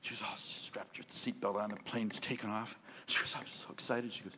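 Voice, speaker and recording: A man preaching a sermon and sharing his testimony in a church, joking as he tells stories and rising to loud, emphatic lines. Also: lowish voice, a little fast, noisy background. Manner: animated, joking storyteller who rises to loud emphasis. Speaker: guest preacher. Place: church sanctuary. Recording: long reverb of a large church hall.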